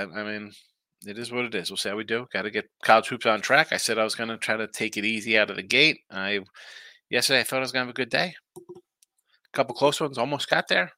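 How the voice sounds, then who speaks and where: Man, sports picks host, casual, rambling, sleepy, bright tone. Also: mid-range voice, dry recording. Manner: rambling, self-talking, trailing off. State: sleepy, yawning.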